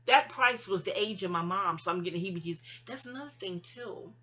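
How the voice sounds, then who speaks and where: Husky woman venting at rambling length. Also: mid-range voice, a little fast, bright, forceful tone. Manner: rambling, many restarts and trailing asides. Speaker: channel host. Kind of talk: casual venting monologue.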